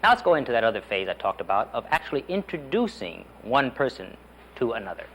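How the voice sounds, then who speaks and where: A man's voice: medium pitch, big pitch swings, quick pace, fairly bright tone, slight background noise. Enthusiastic man teaching Spanish phrases. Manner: enthusiastic, drills phrases with repeat-after-me prompts. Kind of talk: animated language lesson.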